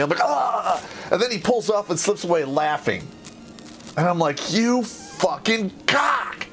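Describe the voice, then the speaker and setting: A man's voice: fairly high pitch, slight background noise. Foul-mouthed man telling war stories. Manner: animated storyteller, heavy swearing, laughs mid-sentence. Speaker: podcast host and Army veteran. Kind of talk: profane comedic war story.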